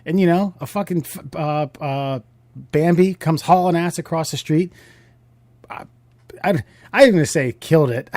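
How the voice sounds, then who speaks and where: A man's voice: fairly high pitch, unhurried, long pauses, a little mellow, no room sound. A man in casual podcast chat, joking and rambling, restarting his sentences often.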